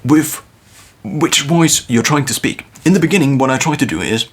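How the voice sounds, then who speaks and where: A man thinking aloud in a reflective solo monologue, musing with pauses and restarts, recorded on a phone. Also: mid-range voice, lively intonation, slightly rough. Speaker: video creator.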